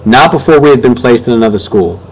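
A man voicing a middle-aged father who explains things calmly, like a lawyer. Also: mid-range voice, slightly rough, low-quality recording. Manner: measured, lawyerly.

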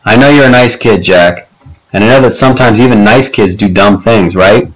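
A man reading aloud, voicing a patient male school principal who speaks in a calm, measured, gently firm way. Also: on the low side, close to an everyday voice, poor audio. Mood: kindly.

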